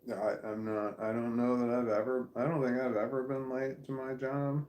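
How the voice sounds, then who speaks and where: A man's voice: medium pitch, level tone, moderate pace, darkish tone, slight background noise. A man vlogging from home, chatting candidly and wandering from thought to thought with a self-deprecating tone. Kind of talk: casual rambling monologue to camera. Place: at home in a room, with a puppy in his lap. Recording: roomy echo.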